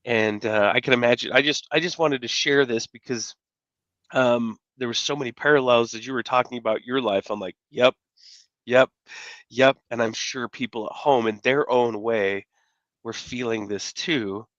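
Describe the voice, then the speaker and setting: Soft-spoken male interview host, halting delivery, dry muffled recording. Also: medium pitch, dry recording. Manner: gentle, halting, many fillers. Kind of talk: interview talk. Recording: dull, dry sound.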